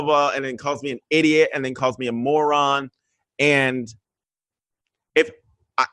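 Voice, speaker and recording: A man, the guest, telling a story in a casual chat, animated and profane, loudly acting out what people said. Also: mid-range voice, dry recording, poor audio. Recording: remote link.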